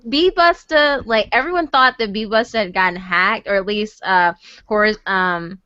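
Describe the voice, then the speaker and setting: Bright, giggly woman on a voice chat. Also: medium pitch, moderate pace. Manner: giggly, chatty and teasing. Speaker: guest. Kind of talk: casual group chat on a live stream. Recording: lo-fi, dry voice chat audio.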